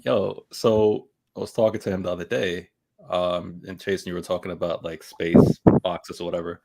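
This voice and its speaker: A man's voice: deep voice, moderate pace, creaky. A man co-hosting a casual podcast chat about collecting statues, telling stories animatedly and acting out what his friends said. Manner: animated storyteller, acts out quoted friends. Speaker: podcast co-host.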